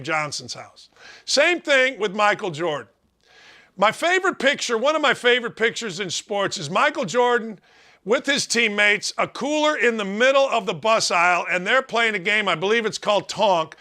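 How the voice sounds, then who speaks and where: A middle-aged man hosting a sports talk show, loud and emphatic with folksy trash talk. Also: high voice.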